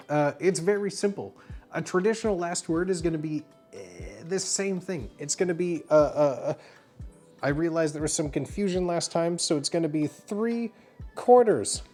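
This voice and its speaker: A streamer plays a bartender for laughs, rambling and playful, with plenty of fillers. The pitch sits in the middle range. Soft music runs quietly underneath. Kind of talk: comedic livestream bartending bit. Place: home streaming setup.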